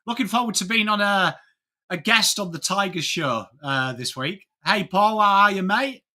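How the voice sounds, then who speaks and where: Bright-voiced chatty English man. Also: high voice, expressive, normal speed. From England. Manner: chatty, greets chat viewers by name, slangy banter. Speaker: livestream host. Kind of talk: casual live watchalong chat.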